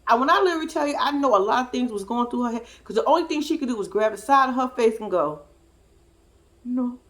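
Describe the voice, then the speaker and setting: A woman with a fairly high, lively voice gives casual recap commentary. She swoops up and down, cusses freely and laughs her way through the story. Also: racing. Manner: animated, profane and laughing. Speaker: host.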